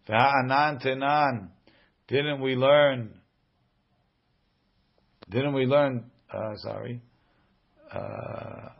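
A man's voice: medium pitch, dull audio. A man teaching a Talmud lesson, reading each Aramaic line aloud and then translating it.

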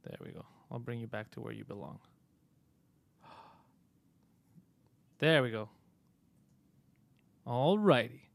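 Animated, profane man on a live stream. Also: mid-range voice, slow, vocal fry, long pauses. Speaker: podcast host. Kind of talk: casual live-stream chat.

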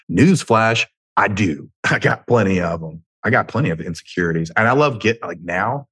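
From a room at home, an American man with a very deep, husky voice and a light Southern twang hosts a solo podcast, animated and fairly quick. He rambles through frequent tangents, swears freely, and jokes at his own expense. The sound is close and dry, with no room sound.

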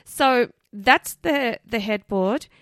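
A woman co-hosting a comedy podcast, telling a story in an animated way with swearing and laughs. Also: on the high side, slow pace, no room sound, clean studio sound. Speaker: podcast co-host. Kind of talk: casual comedy podcast chat.

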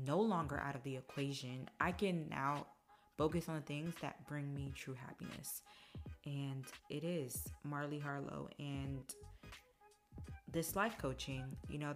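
A young woman hosting a podcast, talking casually and emotionally about her life and acting out what others said. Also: low-pitched. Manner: chatty, emotional, quotes others in animated voices. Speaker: podcast host. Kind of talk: casual personal monologue. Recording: faint music behind.

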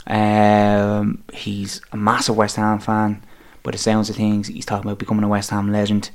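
A wry Irish man chats casually about football, drifting through his points with plenty of ums. His voice sits low and stays fairly level, without much rise and fall. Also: monotone, normal speed. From Ireland. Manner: wry, rambling, with many fillers.

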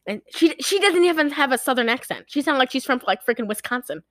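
Woman podcast co-host, rambling and giggly, slightly high voice, very dry close sound. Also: lively intonation, quick pace, hardly any pauses, a bit bright, no room sound. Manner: rambling, giggly, acts out quoted lines. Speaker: podcast co-host recapping a movie. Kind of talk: casual chat.

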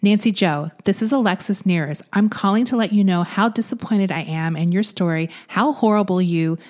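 A woman's voice: mid-range voice, brisk, darkish tone, lightly acted. A woman reading as an upset young woman on voicemail. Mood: complaining.

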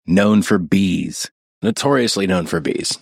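Co-host type: very low-voiced man, crude riffing banter, dry close sound. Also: measured pace, creaky, slightly rough, no echo. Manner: profane, riffing, acts out voices in quotes. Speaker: podcast co-host. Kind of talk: crude casual chat.

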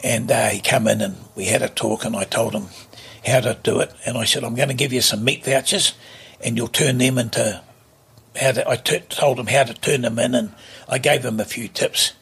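A man's voice: mid-range voice, steady tone, normal speed, creaky, fairly bright tone, slightly rough. An older man, telling stories bluntly and emphatically as a podcast guest. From New Zealand. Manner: blunt, emphatic, repeats himself. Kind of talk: casual interview storytelling.

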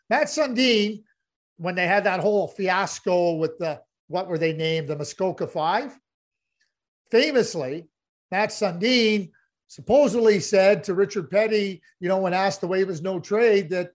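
A man's voice: high-pitched, normal speed. A middle-aged man co-hosting a hockey podcast, telling stories in casual chat and often repeating words as he gets going. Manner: storytelling, animated, repeats words. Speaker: podcast co-host, former hockey executive.

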